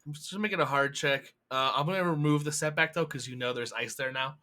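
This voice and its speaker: A man's voice: medium pitch, fast talker, pushed and bright. A man running a tabletop game as game master, giggly and hesitant with many ums.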